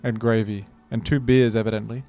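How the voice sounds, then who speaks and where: A man's voice: on the low side, flat delivery, a little fast, soft background music. A young man, casually joking and rambling through a live game stream. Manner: joking, rambling, exclaims loudly when surprised.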